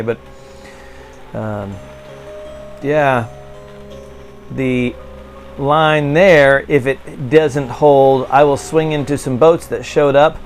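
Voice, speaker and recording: A young man talking casually to the camera about riding out a storm alone on his sailboat, animated when he tells a story. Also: mid-range voice, rough recording. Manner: chatty, animated storytelling, acts out quoted voices. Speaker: sailboat vlogger. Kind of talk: casual video diary.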